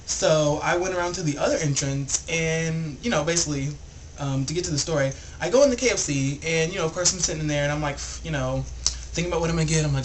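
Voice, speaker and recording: A young man vlogging a rambling, animated story, packed with filler words. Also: a little high, quick pace, background noise. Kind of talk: casual storytelling vlog.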